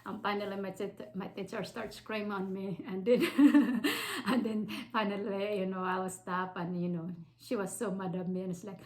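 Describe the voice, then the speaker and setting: A woman's voice: medium pitch, steady tone, normal speed, darkish tone, poor audio. A woman from the Philippines with a Filipino accent, casually telling a personal story in a rambling way with many fillers and restarts.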